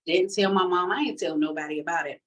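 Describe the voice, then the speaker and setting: A woman's voice: on the low side, fast talker, recorded from a distance, rough recording. A woman telling her personal testimony in a casual, conversational way, acting out the people in her story. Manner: animated, acts out the other people in her story.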